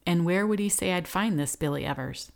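A woman voicing a polite, sweetly persuasive young woman, in her own low voice. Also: brisk, creaky, darkish tone. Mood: sweet coaxing. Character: calm sweet-talking young blonde woman.

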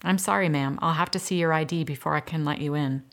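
A man's voice: fairly high pitch, quick pace, creaky, fairly bright tone. A woman reading the lines of a young male deputy, firm and formal. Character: young male deputy, strict about orders.

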